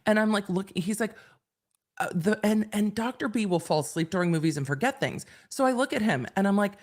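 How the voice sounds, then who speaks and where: A woman's voice: mid-range voice, lively intonation, quick pace. A woman in her forties hosting a casual livestream from home, chatting in a rambling way and laughing easily. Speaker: livestream host.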